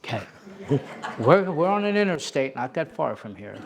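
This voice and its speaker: Man who plays Santa, lively anecdote teller with a slightly high voice; acts out the other people in his story. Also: moderate pace, vocal fry. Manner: animated, acts out quoted voices. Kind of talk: casual anecdote telling.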